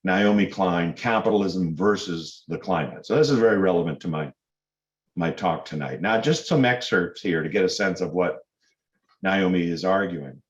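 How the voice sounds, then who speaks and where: Low-voiced man lecturing with sarcastic questions. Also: normal speed. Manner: emphatic, sarcastic rhetorical questions. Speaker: guest lecturer. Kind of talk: public lecture to students. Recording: dull lo-fi lecture recording.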